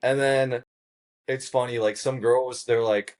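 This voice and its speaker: A man who is a podcast guest, telling a story in a casual, animated way, swearing freely and acting out what others said. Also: mid-range voice, a little slow. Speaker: podcast guest, game show contestant.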